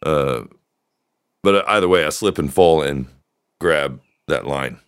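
Deep-voiced wry podcast co-host. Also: male voice, takes it slowly, smooth, dry recording, clean studio sound. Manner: wry, rambling storyteller. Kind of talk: casual chat.

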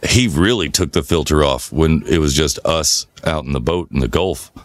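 A man with a very low voice co-hosts a casual podcast. He spins long, loose stories and swears freely. The sound is dry and close to the mic. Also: normal speed, dry recording. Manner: relaxed rambling storyteller, swears freely. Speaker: podcast co-host. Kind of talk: casual chat, storytelling.

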